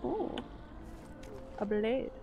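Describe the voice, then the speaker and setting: A woman's voice: on the high side, sing-song, very slow, vocal fry, muffled recording, music in the background. A woman streaming a game live, giving an anxious running commentary full of swearing.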